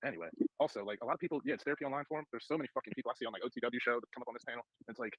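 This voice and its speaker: A man's voice: mid-range voice, rapid-fire, fairly bright tone, husky, no echo, muffled recording. A man joining an online panel as a guest, speaking bluntly with plenty of swearing. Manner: blunt and profane. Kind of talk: casual panel chat.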